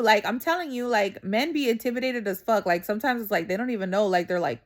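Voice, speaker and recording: Speaking fast with hardly any pauses, this mid-range-voiced young woman vents straight to camera in a casual vlog. She's blunt and profane, packing in slang and repeating "you know what I'm saying" over and over.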